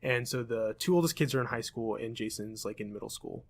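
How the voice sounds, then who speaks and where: Young male co-host, mid pitch, rambling and filler-heavy in easygoing chat. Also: fairly quick. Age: young adult. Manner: hesitant, filler-heavy explaining. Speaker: podcast co-host. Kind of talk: casual chat.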